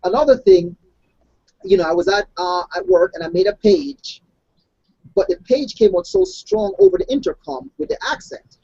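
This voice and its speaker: A man from abroad speaks as a health coach, telling stories in bursts with many restarts. His voice is gravelly and husky, with a dark tone. The call audio is dull and lo-fi. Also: high-pitched, normal speed, dry recording. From outside the United States. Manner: animated storytelling with restarts. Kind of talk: casual hangout discussion.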